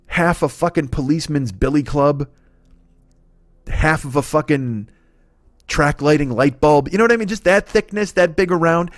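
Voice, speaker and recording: A man in his forties hosting a comedy podcast, telling a story in a profane, animated, exaggerating way. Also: on the high side, no echo, clean studio sound. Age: 40s.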